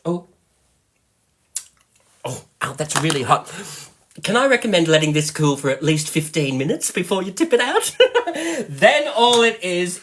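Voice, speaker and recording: An Australian man hosting a live cooking demonstration, chatty and excitable, often giggling as he talks to viewers. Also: sits high, slight background noise. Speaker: host, product seller.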